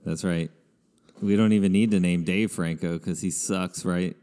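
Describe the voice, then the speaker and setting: A man's voice: low voice, steady tone, moderate pace, dark tone, in a large hall. A man hosting a podcast in casual chat, rambling with many fillers. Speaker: podcast host.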